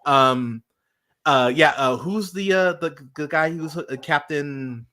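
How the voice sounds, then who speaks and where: A man co-hosting a podcast in casual chat, animated and swearing freely, his voice jumping high when he gets worked up. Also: takes it slowly. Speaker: podcast co-host reviewing a TV series.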